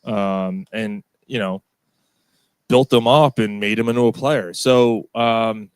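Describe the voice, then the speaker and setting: A man's voice: on the low side, takes it slowly, clear, resonant tone, no echo. A man co-hosting a sports podcast, chatting loosely and swearing freely. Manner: loose and profane, animated. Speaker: podcast co-host. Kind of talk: casual sports chat.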